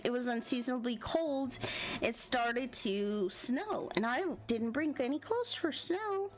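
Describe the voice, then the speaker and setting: An American woman telling a travel story in casual, chatty vlog talk, giggling often and animated. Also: fairly high pitch, moderate pace. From United States. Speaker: vlogger.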